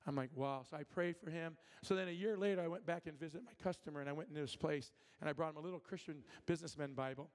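A man from Michigan preaches in a church, his voice pitched a little high for a man. He tells stories animatedly, acts out every voice and often restarts his sentences. His words ring out with a long hall reverb. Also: fast talker, few pauses. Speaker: guest preacher. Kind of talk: sermon with storytelling and prophetic ministry. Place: church sanctuary.

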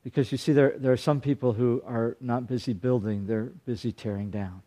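A man's voice: mid-range voice, fairly even intonation, brisk, mellow. A man preaching a sermon as a pastor, earnest and fond of repeating his phrases.

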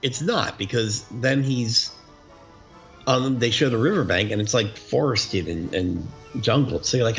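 A man's voice: mid-range voice, measured pace, a bit bright, soft background music. A man co-hosting a casual movie commentary podcast, talking through scenes in a laid-back way. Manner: laid-back, questioning, storytelling. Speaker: podcast co-host. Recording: dull lo-fi audio.

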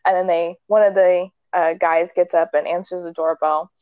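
A woman's voice: on the low side, fairly even intonation, normal speed, dry recording, muffled recording. A young woman chatting casually, retelling a movie in a rambling way with many likes and ums and frequent laughs. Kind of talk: casual chat.

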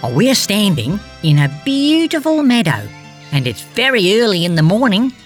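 A woman voicing a cheerful, fact-loving male green tree frog, gently guiding a children's storybook adventure and fond of silly jokes. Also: mid-range voice, very animated, moderate pace, faint music behind, lightly acted.

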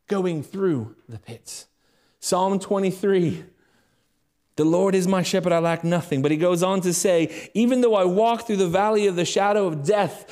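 British pastor preaching with big swings. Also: male voice. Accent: British English. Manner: dynamic preaching, swings from loud and high to hushed and quick. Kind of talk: sermon.

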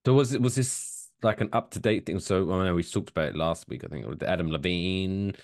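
A man's voice: deep voice, brisk, no echo, studio quality. A man hosting a comedy podcast, chatting casually in a jokey way with frequent restarts. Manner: animated, jokey, stumbling restarts. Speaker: podcast host.

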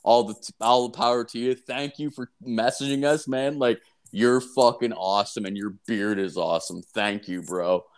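A man's voice: medium pitch, moderate pace, smooth. A young man co-hosting a podcast in casual chat, telling crude stories with heavy swearing and filler words. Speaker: podcast co-host.

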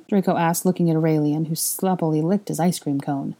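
Husky, mellow woman reading aloud. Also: sits low, fairly even intonation, a little fast. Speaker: reader. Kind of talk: fan fiction audiobook narration.

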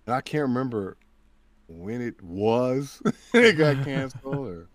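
A man who works as a voice actor, talking casually as a guest. He is an animated storyteller who acts out the voices of the people he quotes. His voice sounds mid-pitched and dry, with no room echo. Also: a little slow. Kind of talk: casual interview chat.

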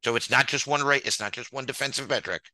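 A man's voice: medium pitch, quick pace, bright, forceful tone, dry recording, poor audio. A man streaming a comedic angry rant, exasperated and sarcastic, swearing and hammering words through repetition. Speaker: streamer ranting about a baseball sim game.

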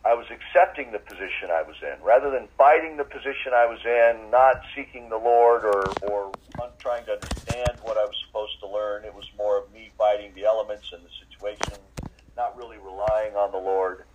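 A man giving a personal faith testimony as an interviewee, talking in a halting way with many fillers and restarts. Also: fairly low pitch, dull audio, a little hiss or hum.

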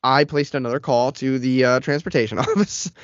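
Male podcast co-host, mid-range voice, animated and profane storyteller, dry, lo-fi recording. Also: medium pitch, fairly quick, no room sound. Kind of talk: casual storytelling chat. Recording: dull, lo-fi, dry sound.

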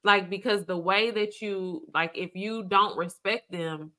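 A woman's voice: mid-range voice, fairly even intonation, unhurried, sharp tone. A woman co-hosting a podcast, speaking in an earnest, reflective casual chat. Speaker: podcast co-host.

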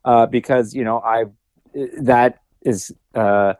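A man's voice: medium pitch, steady tone, slow pace, a little mellow, no echo. A man co-hosting a podcast, talking casually with hesitant starts and fillers. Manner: hesitant, lots of uh and restarts. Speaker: podcast co-host. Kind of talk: casual chat.

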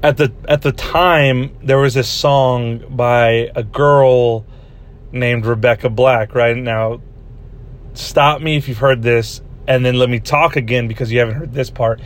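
A man's voice: mid-range voice, steady tone, a little slow. A young man telling a rambling story in a casual podcast chat, laughing often and saying "dude" a lot. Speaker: podcast host.

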